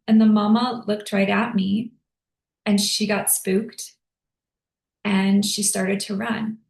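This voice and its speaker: A woman hosting a podcast, telling a personal story in an earnest, emotional way, lifting into a higher soft voice when she quotes herself. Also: level tone, slow, vocal fry, pauses often. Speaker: podcast host. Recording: echoey room.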